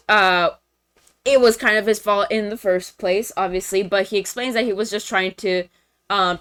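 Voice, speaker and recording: A woman's voice: medium pitch, fairly bright tone, clear, resonant tone. A young woman streamer casually recapping a movie plot for friends, chatty and full of fillers and slang.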